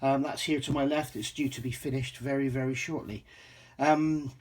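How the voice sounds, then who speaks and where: A man's voice: mid-range voice, steady tone, normal speed. A man from England casually reviewing a scale model kit, chatty with frequent ums and self-corrections.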